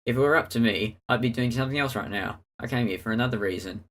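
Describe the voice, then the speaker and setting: A man reading a visual novel aloud in a steady storytelling manner, narrating and speaking the hero's lines. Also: mid-range voice, fast talker. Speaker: let's player.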